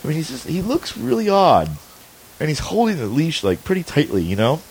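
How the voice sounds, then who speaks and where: A man's voice: a little high, huge pitch swings, fairly quick, darkish tone, breathy edge. A man hosting a podcast, telling a long story in loose, casual chat, swearing freely and restarting his sentences. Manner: loose, profane and laughing, with frequent restarts. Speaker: podcast host.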